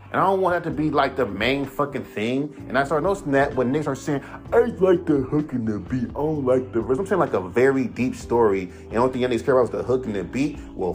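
Guy in his 30s ranting on his podcast, swears a lot, voice swings all over, faint music behind. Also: medium pitch. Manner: heated, profane, rambling rant. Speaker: podcast host, rapper. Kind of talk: casual ranting monologue.

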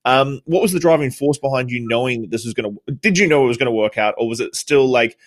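A man's voice: medium pitch, fast talker, no echo. A man hosting a live-streamed interview, asking long, rambling questions with many restarts. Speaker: interviewer, host.

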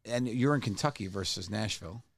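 A man hosting a comedy podcast, chatting casually and reacting quickly to his guest. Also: lowish voice, gravelly. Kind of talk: casual chat.

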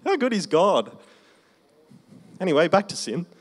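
A man preaching a testimony sermon in a conversational storytelling way, slowing down for emphasis. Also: high-pitched, very animated, slight background noise. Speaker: preacher sharing his testimony.

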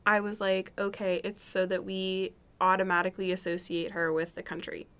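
A woman's voice: medium pitch, level tone, normal speed, a bit bright, smooth. A young woman co-hosting a podcast, talkative and opinionated, cracking jokes with lots of fillers. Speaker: podcast co-host. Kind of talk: casual chat.

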